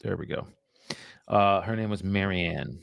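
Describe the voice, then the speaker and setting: A man with a low, gravelly voice talks his viewers through his phone calls on a live stream. He is chatty and offhand and often mutters asides under his breath. The sound is dry and close, with no room around it. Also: measured pace, fairly bright tone, no room sound. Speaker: real estate agent. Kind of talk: live-streamed cold calling with commentary.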